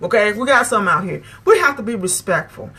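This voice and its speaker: Bright-voiced emphatic woman. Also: medium pitch, expressive, brisk, breathy edge. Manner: emphatic, lecturing, repeats phrases for emphasis. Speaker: vlog host. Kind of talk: preachy advice talk to camera.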